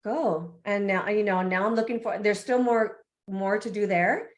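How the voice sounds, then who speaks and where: Brief: lively woman guest, mid-pitched, candid storyteller, quick to laugh. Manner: animated, laughs often, acts out reactions. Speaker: podcast guest, embodiment coach.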